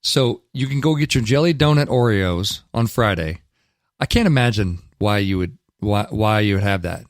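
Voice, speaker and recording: Hosting a talk radio show from a studio, a man gives casual commentary with blunt, emphatic opinions and many restarts. His fairly low voice has lively intonation at normal speed, with no room sound.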